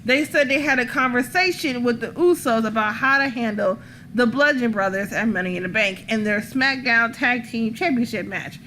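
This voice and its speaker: Female podcast host, bright tone, rambling and profane, laughs a lot, casual chat. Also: on the high side, a little hiss or hum. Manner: animated, laughs often.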